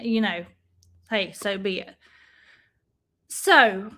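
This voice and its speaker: A woman hosting a casual livestream, chatting warmly to her viewers and calling them y'all. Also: mid-range voice, drawn-out words. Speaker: livestream host.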